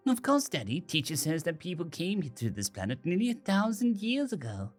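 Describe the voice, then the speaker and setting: An excitable young boy full of wondering questions, put on by a male storyteller. The voice rises high and eager, with a husky edge. It bounces with a lively, sing-song lilt over faint music. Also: normal speed. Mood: eager, curious.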